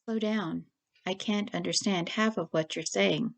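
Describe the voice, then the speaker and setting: A woman voicing a gentle, sleepy young man who speaks softly. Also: medium pitch, unhurried, vocal fry. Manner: soft and gentle.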